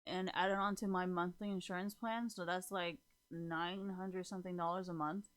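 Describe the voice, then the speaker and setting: A woman's voice: fairly low pitch, steady tone, normal speed. A young woman casually telling a story to the camera in a rambling vlog, laughing often, swearing freely and filling her talk with "like". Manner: rambling, giggly, swears a lot, lots of "like". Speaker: vlogger.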